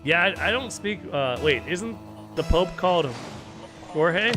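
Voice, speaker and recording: American guy on stream chatting while watching a match, stumbles over words, laughs a lot, pitch jumps around a ton. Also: expressive, moderate pace, over music. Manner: rambling, stammers and repeats words, laughs often. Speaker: streamer host. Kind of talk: casual chat while watching a game.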